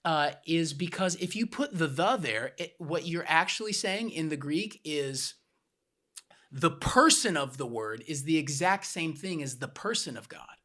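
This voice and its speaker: Slow-talking man explaining step by step. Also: on the high side, animated, bright, forceful tone. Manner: patient, explains with plain everyday examples. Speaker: podcast co-host. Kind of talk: teaching explanation on a podcast.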